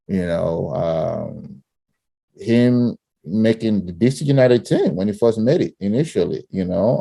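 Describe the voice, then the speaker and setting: A middle-aged man from Nigeria talks in a relaxed, easygoing way, laughing often and filling his pauses with ums. His voice sits fairly low. The recording is dry and close, with no room sound. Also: creaky, no echo. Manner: relaxed, laughs easily, many fillers. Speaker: guest, former coach and parent. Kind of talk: casual interview chat.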